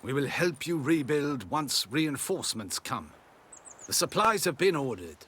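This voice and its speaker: An actor playing a stern, curt garrison officer in a video game. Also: male voice, fairly high pitch, sing-song, unhurried, bright, forceful tone, husky, full character voice.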